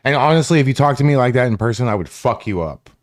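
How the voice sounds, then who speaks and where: A man's voice: mid-range voice, expressive, fast. A man hosting a live stream, ranting at chat viewers in a combative, profane way. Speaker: livestream host. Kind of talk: live stream commentary rant.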